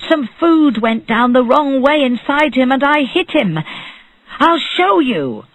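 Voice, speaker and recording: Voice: high voice, very animated, takes it slowly, a bit bright, dry recording, voice pushed up, heavily acted, poor audio. An audiobook narrator voicing a desperate male fish seller confessing urgently in a storybook reading.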